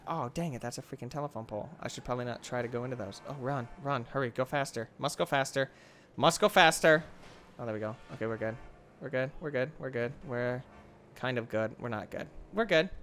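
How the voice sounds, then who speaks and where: Excitable young man commenting on gameplay. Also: medium pitch, a little hiss or hum. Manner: excitable, mock-dramatic, trash-talking. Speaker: gaming video host.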